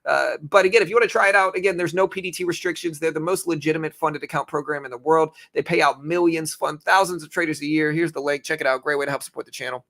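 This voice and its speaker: Hardly pausing, a young trading-stream host talks fast in a fairly high voice with vocal fry. He's relaxed and scattered, circling back to the same phrases, dropping fillers constantly, and he can't shake his hiccups.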